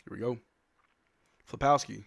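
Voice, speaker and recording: A young man hosting a live stream watch-along, giving excited fan play-by-play commentary and trash-talking players. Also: mid-range voice, moderate pace, vocal fry. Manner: excitable, shouts and laughs at big plays, trash-talks players.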